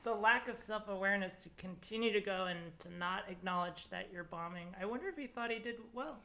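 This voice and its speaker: A woman comedian chats casually as a podcast guest, joking about herself in a dry way. Her voice sits mid-range. Clear crowd noise runs behind her. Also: medium pitch, fast. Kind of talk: casual chat.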